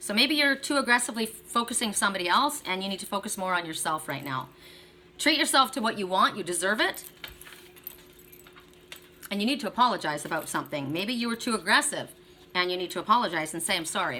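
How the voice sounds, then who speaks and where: A woman's voice: mid-range voice, pushed and bright, a little hiss or hum. A middle-aged woman reading oracle cards for viewers in a chatty, encouraging way. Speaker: tarot and oracle card reader.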